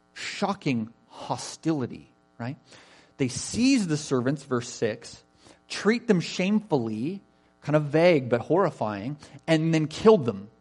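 A man preaching a sermon in a conversational, animated way, often asking "right?" and acting out quoted lines. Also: on the high side. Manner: animated, acts out invitations in quoted voices; conversational, frequent "right?" asides. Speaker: pastor.

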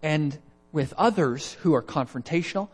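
A man's voice: fairly high pitch, lively intonation, normal speed, darkish tone, breathy edge. A man preaching an expository sermon in an earnest way, often restarting and repeating words.

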